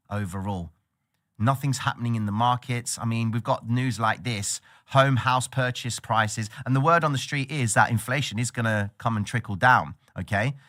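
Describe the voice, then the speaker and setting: Guy on a trading livestream, bright voice, excitable and slangy. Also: mid-range voice. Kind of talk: casual market commentary.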